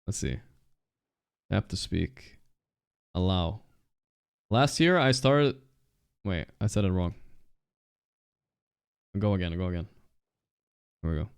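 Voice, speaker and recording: A man's voice: low voice, steady tone, a little slow, vocal fry, pauses often, mellow, smooth. A young man with a Swedish accent, casually commentating and chatting on his stream, swearing freely and joking at his own expense. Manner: swears a lot, casual slang, laughs at himself.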